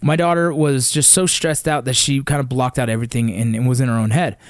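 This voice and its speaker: A man's voice: medium pitch, steady tone, fairly quick, no room sound, studio quality. A middle-aged man, a father, telling a heated, profane story about his kids' sports in a blunt casual way. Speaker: father of wrestling kids.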